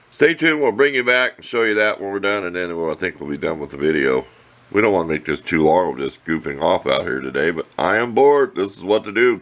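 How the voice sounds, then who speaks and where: Guy in his shop fixing engine bolts, kinda deep voice, talks folksy and rambles. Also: a bit bright. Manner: rambling, folksy, self-correcting. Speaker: small engine repair vlogger. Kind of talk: casual workshop demonstration. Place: workshop shed.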